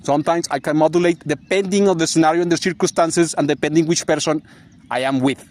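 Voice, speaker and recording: A man with a fairly high voice rants in a vlog monologue. He is rambling and agitated, and he swears freely and laughs bitterly between points. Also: fairly even intonation, fast talker, darkish tone. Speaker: vlogger.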